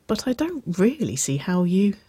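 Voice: medium pitch, sing-song, normal speed, mellow, slightly rough, no room sound, pitched above the performer's own voice. A narrator voicing a teasing, mischievous young woman who murmurs with a smirk.

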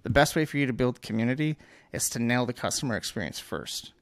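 A man's voice: medium pitch, expressive, fast, no room sound. A man speaking as a guest marketing executive in a casual podcast interview, talking candidly and with emphasis. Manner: candid and emphatic, with blunt asides.

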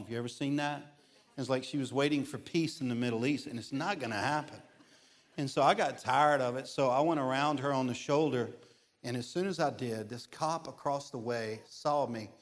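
Middle-aged male pastor, sermon delivery, comic storyteller with sudden bursts of energy. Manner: animated, humorous storytelling with big swings in pitch and loudness. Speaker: guest pastor. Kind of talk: sermon with personal stories.

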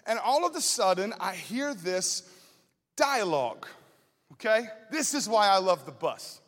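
Give me a man preaching to students, high-pitched and animated, in a big echoing church hall. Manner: animated, shifts between slow prayer and lively anecdotes. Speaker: student ministry pastor. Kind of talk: sermon with personal storytelling.

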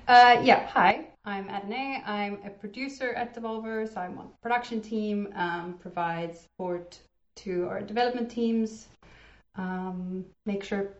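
A young woman with a South African accent talks in an easygoing, chatty way and laughs easily as a podcast guest. Her voice sits in a roomy space with a slightly dull, muffled sound. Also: mid-range voice. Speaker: podcast guest, game producer. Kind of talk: casual chat.

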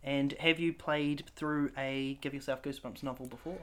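A podcast host chatting casually and reading a gamebook aloud with playful, animated delivery. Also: medium pitch, moderate pace.

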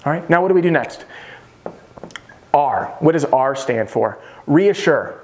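In an easygoing instructional video, a man coaches roofing sales reps, speaking to the viewer directly as "you." His fairly high, animated voice is unhurried and a little mellow, with a little hiss or hum in the background.

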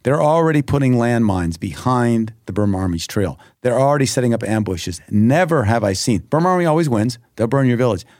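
A man's voice: mid-range voice, animated, a little fast, few pauses, a little mellow, dry recording, clean studio sound. A man as an interview guest, telling a story vividly and emphatically, acting out the prayers he quotes.

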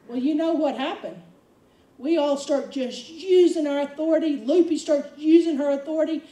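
A woman preaches from a distance, her high, mellow voice carried by a roomy echo. She tells stories and acts out quoted lines with energy. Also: normal speed. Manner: storytelling, animated quoting. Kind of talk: sermon. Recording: echoey room, from far off.

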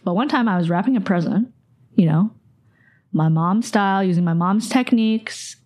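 With a medium-pitched, somewhat dark voice at a normal pace, this young podcast host in her twenties shares a memory from her life. Her telling is loose and meandering, thick with "like".

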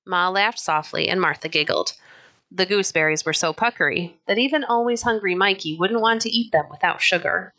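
A woman narrating a children's novel chapter aloud in an even, unhurried storytelling manner. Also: on the low side. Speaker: audiobook narrator.

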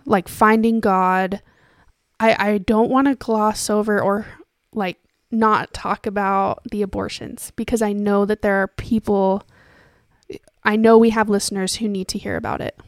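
A woman hosting a podcast, asking careful, gentle interview questions. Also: medium pitch, fairly even intonation, measured pace, no echo, clean studio sound. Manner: gentle, careful, hesitant phrasing. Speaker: podcast host.

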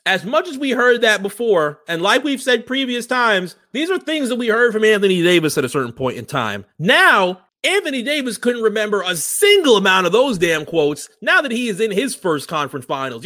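A man co-hosting a relaxed sports podcast, joking as he goes. His pitch sits a little high and swings widely as he talks. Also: a little fast, few pauses. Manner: animated, jokey, mock voices for quotes. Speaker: podcast co-host. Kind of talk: casual sports chat.

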